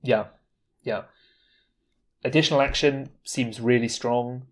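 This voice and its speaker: A man with an average-pitched voice talks through a card game in a relaxed podcast chat. He is enthusiastic and chatty, tossing in quick asides as he goes. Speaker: podcast co-host. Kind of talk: casual board game discussion.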